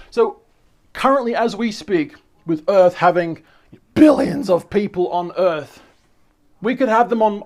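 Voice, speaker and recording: Excitable high-voiced man. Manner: excitable, with frequent restarts and repeated words. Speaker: channel host. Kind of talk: casual commentary reading articles aloud.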